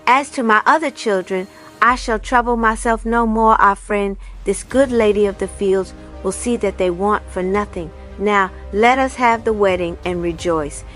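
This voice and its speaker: A woman voicing a foolish old male king who speaks in a loud, exuberant way. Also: mid-range voice, moderate pace, soft background music, close to an everyday voice. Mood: jubilant.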